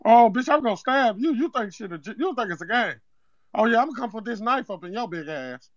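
A threatening, insulting customer with a put-on accent, as a man puts him on in a prank phone call. The voice sits high and loud. The audio is dry and dull, with a lo-fi sound. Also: expressive, fairly quick, no room sound.

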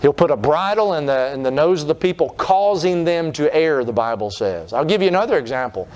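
A man's voice: on the high side, expressive, brisk, darkish tone, slight background noise. A man preaching a sermon, retelling scripture in folksy terms and putting on voices for its people. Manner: folksy storytelling, acting out the people in his stories. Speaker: pastor.

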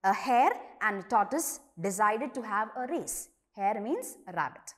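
A young adult woman teaching an online class to young children, explaining slowly and patiently by asking and answering simple questions. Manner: reads dialogue lines aloud with lively pitch jumps.

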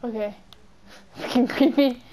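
A woman's voice: a little high, fairly even intonation, slow, dark tone, a little hiss or hum. A young woman chatting casually with friends while playing a game, playful and giggly, breaking into silly sing-song bits. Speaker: gamer streaming with friends.

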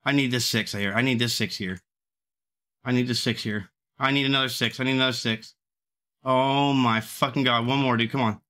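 A man's voice: mid-range voice, fairly even intonation, normal speed, bright, forceful tone. A man live-streaming his gambling, talking constantly in a profane voice that swings between begging the game and cursing at it. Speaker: livestreamer.

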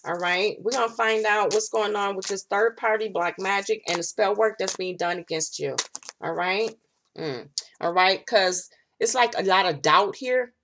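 A woman's voice: medium pitch, moderate pace, fairly bright tone. A woman doing a casual tarot reading for her viewers, blunt and profane, checking in constantly with "all right?" and "okay?". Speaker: tarot reader.

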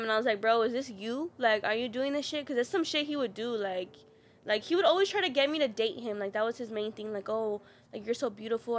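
Young woman spilling a story, kinda high voice, says like a ton, swears. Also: a bit bright. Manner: storytelling, heavy use of "like", swearing. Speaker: podcast guest. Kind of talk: casual chat.

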